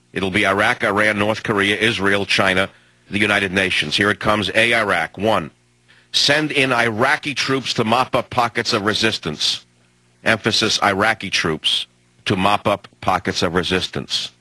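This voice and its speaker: A man's voice: on the low side, sharp tone, no echo, poor audio. A combative talk radio host, a man in his sixties, delivering an emphatic, hectoring monologue on a studio microphone.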